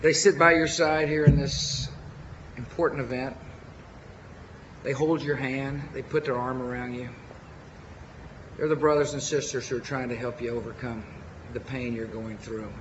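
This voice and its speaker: A man with a Texan accent giving a formal memorial speech as president, earnest and measured, with deliberate pauses. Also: medium pitch, fairly even intonation, fairly bright tone, lo-fi sound, slight background noise.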